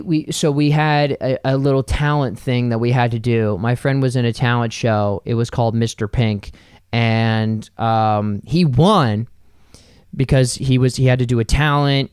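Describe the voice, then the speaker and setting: Young male podcast host, casual rambling storyteller, smooth tone, dry and close. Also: medium pitch, no echo. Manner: rambling and loose, with frequent fillers and swearing. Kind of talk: casual solo podcast monologue.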